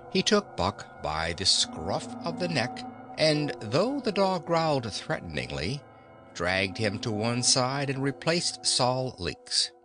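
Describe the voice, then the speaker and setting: Slow, lively-pitched male story reader. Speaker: audiobook reader. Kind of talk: audiobook narration. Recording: narration over background music.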